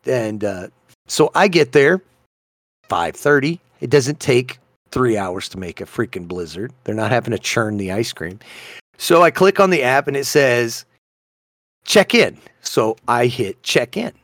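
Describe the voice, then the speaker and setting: A man co-hosting a podcast in casual chat, telling stories with animated delivery and acting out both sides of conversations. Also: mid-range voice, a little slow, no room sound, studio quality. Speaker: podcast co-host.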